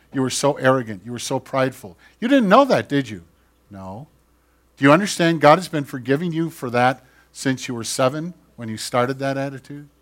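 A man preaching a sermon, swinging from loud emphatic lines to hushed, nearly whispered ones, acting out quoted voices as he goes. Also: mid-range voice. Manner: acts out God's voice and listeners' excuses in quotes. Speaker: pastor.

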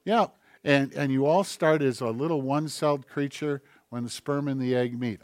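Male pastor, mid-pitched voice, dry close mic, talky sermon that swells to loud emphatic questions. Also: moderate pace, dry recording. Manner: conversational preaching that builds to loud, emphatic questions. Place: church sanctuary.

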